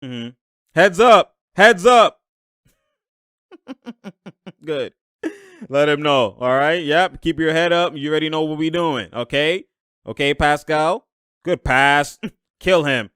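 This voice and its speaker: A young man calls out a basketball game as he watches it, slangy and excitable, laughing a lot and hollering at the plays. His voice is bright and crisp and sits a little high. The sound is dry and close, with no room around it. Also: slow, pauses often, no room sound. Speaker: basketball commentator reacting to a game. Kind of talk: live game reaction commentary.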